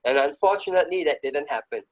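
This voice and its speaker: A man's voice: on the high side, expressive, quick pace, low-quality recording. A middle-aged man speaking as an interview guest, telling his story in an emphatic, reflective way. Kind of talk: conversational interview.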